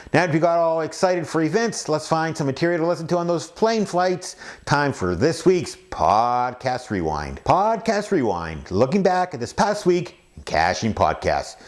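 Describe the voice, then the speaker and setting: Lively, higher-pitched male podcast host. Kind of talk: scripted podcast narration.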